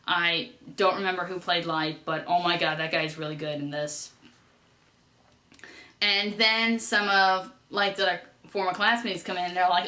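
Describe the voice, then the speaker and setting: A woman's voice: medium pitch, moderate pace, fairly bright tone. A woman vlogger recapping a TV episode in a chatty, gushing way, rambling and correcting herself as she goes. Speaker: vlogger reviewing a TV series. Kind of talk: casual vlog recap. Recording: roomy echo.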